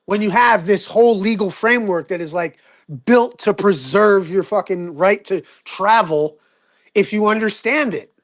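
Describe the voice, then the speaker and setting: A man leading a casual group discussion, talking emphatically in quick bursts and swearing freely. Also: sits high.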